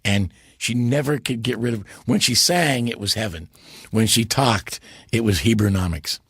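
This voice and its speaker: A man, a podcast guest, telling stories in a lively, animated way and slipping into character voices. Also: lowish voice, normal speed, husky, dry recording, studio quality. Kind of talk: casual interview storytelling.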